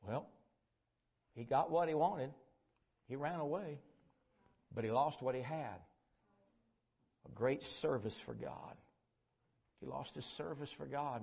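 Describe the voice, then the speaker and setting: A man preaching a sermon, folksy and dramatic, acting out quoted figures. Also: medium pitch. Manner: folksy, voices quoted figures, bursts into shouting.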